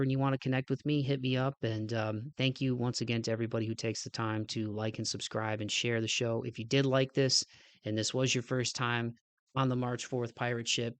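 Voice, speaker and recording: A man's voice: mid-range voice, no echo. A man hosting a podcast, a casual outro, with a nasal, stuffed-up voice, a little out of breath, talking in an earnest, rambling way and often adding "man.". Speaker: podcast host.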